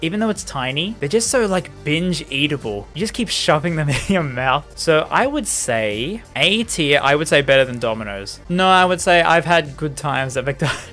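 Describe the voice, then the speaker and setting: A man's voice: fairly high pitch, lively intonation, moderate pace, fairly bright tone, soft background music. Chatty Australian man rambling casually. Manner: rambling, chatty, chuckles often. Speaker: content creator. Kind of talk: casual ranking vlog.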